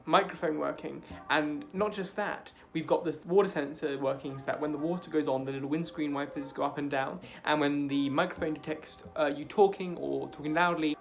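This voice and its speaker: A man talking through his homemade project in a relaxed vlog style. He explains each part step by step as he tinkers, in a slightly higher voice. Soft music plays faintly underneath. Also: gravelly. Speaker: maker demonstrating a project. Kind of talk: casual DIY vlog narration. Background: faint background music.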